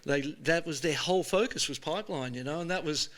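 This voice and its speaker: An Australian man in his sixties, an animated storyteller chatting casually as he is interviewed. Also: on the high side, fairly quick. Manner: animated storyteller, says "mate" often. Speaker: show host being interviewed. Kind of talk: casual chat.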